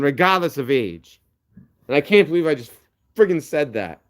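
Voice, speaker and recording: A man's voice: on the high side, big pitch swings, normal speed. A man hosting a livestream, ranting in a heated, profane and threatening way, repeating himself. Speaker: livestream host. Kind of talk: angry livestream rant.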